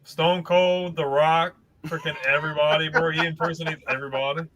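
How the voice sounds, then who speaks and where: A man chatting casually over a video call, his voice high and bright with a forceful edge. He talks in a slangy way, calling the others bro and dog as he goes. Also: steady tone, brisk. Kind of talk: casual chat.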